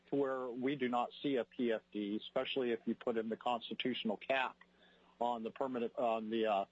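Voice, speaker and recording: Flat husky man on a dry phone line. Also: medium pitch. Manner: earnest, argumentative, stumbles on words. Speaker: caller testifying. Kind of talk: public testimony by phone.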